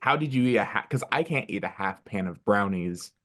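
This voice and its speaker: A man co-hosting a casual podcast, chatting in a jokey, relaxed way. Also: lowish voice, brisk. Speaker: podcast co-host.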